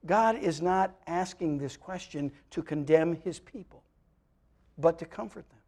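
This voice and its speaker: A man's voice: on the high side, unhurried, darkish tone. A man preaching a sermon to a church congregation, earnest and pleading, repeating words as he builds to emphatic peaks. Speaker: pastor. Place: church sanctuary, also live streamed.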